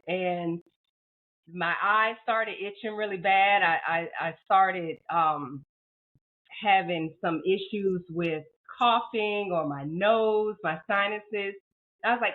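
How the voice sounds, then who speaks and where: A woman telling a hard personal story as a podcast guest, heartfelt and a little emotional. She often repeats words and voices her own past thoughts aloud. Her voice comes through a narrow, phone-like line at a mid pitch. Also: slow pace.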